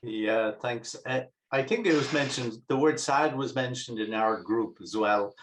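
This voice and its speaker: A man from Ireland joins an online discussion group. He talks in a steady, reflective way, with filler pauses as he works through his thoughts over a video call. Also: medium pitch, a little hiss or hum. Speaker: participant.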